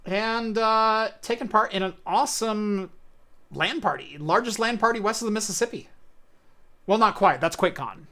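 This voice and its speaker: A man's voice: sits high, pushed and bright. A man hosting a casual tech podcast, rambling and joking as he plugs the show. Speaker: podcast host.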